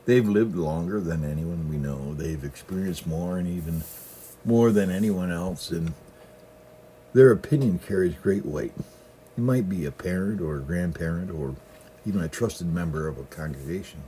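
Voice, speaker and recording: A man's voice: low-pitched, mellow, a little hiss or hum. A middle-aged male pastor giving a sermon in a folksy storytelling manner, often opening his sentences with "well".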